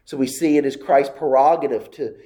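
A man's voice: mid-range voice, fairly even intonation, a little fast, dark tone. A male pastor delivering a sermon with emphatic, repetitive phrasing and occasional casual asides. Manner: emphatic preaching with repeated phrases.

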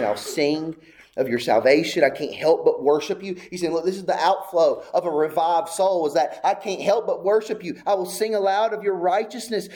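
A man preaching a sermon from the pulpit, his voice sitting a little higher than most men's. He builds with emphatic, repeated phrases and climbs even higher on heartfelt pleas. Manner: repetitive emphatic cadence. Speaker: pastor.

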